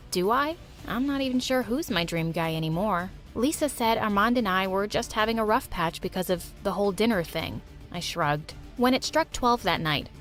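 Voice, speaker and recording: A young woman narrating a first-person animated story, lively and expressive. Her voice sits mid-range, and soft music plays faintly behind her. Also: mid-range voice.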